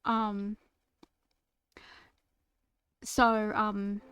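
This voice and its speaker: A woman's voice: medium pitch, little pitch movement, very slow, a bit bright, smooth, faint music behind. A young woman streamer chatting casually and gushing about favorite characters, stammering and repeating words often.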